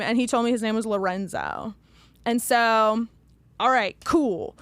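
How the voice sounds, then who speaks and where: Animated young woman telling a story. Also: on the high side, moderate pace, clear, resonant tone, dry recording. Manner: animated, swears freely, acts out quotes. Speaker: podcast co-host. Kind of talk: casual chat, storytelling.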